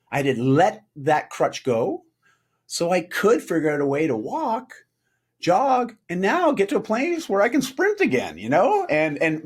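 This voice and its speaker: A middle-aged man tells a personal story as a podcast guest, animated and quick to laugh, acting out the voices of the people he quotes. His pitch sits fairly high and swings widely. The tone is husky and slightly rough. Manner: animated, laughs often, acts out quoted dialogue. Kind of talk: storytelling in a casual interview.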